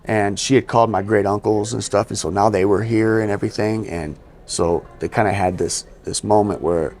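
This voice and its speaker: A man's voice: fairly low pitch, steady tone, normal speed, darkish tone, a little hiss or hum. A man, a guest on an interview show, telling his life story in casual, conversational talk, often adding "you know". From US East Coast. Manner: conversational, sprinkles in "you know" and acts out quotes. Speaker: podcast guest.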